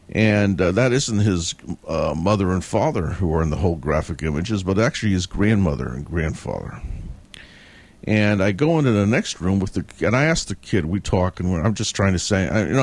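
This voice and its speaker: A man telling a long, vivid dream in a casual, rambling way, full of fillers and restarts. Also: low voice. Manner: chuckles between sentences. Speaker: dream teller. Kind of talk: casual spoken recollection.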